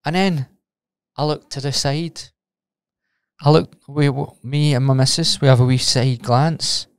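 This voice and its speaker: A man's voice: medium pitch, steady tone, a little slow, smooth, no echo. A Scottish man hosting a solo podcast, talking casually and rambling off on tangents, with the odd swear. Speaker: podcast host and personal trainer.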